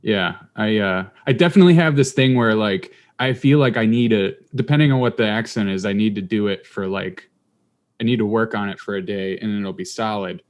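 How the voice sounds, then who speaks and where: Hesitant low-voiced man comedian. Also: brisk. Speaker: stand-up comedian. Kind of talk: casual podcast chat.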